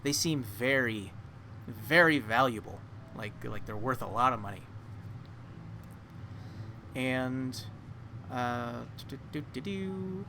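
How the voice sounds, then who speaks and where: A man's voice: mid-range voice, slow, pauses often, bright, forceful tone, a little hiss or hum. A man narrating a tabletop game as game master, describing scenes with many fillers and restarts.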